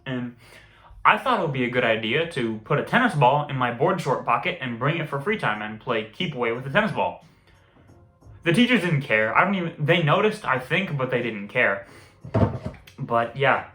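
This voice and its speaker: A man's voice: mid-range voice, sing-song, moderate pace, sharp tone. A young man casually telling school stories, rambling and swearing, laughing at his own tales. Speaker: vlogger. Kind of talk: casual storytelling. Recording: echoey room with faint music.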